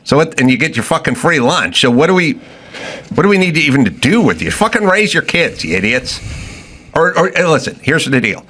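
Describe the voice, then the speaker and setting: A man's voice: fairly high pitch, very animated, a little fast, bright, forceful tone. A man hosting a podcast, ranting in blunt, profane and sarcastic commentary. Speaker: podcast host.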